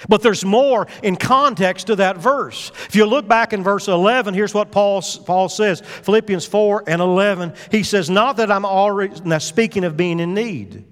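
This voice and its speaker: High-voiced preacher man in a reverberant church. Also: moderate pace, hardly any pauses, a bit bright. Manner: fervent, preaching with rising emphasis. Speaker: pastor. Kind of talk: sermon. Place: church sanctuary.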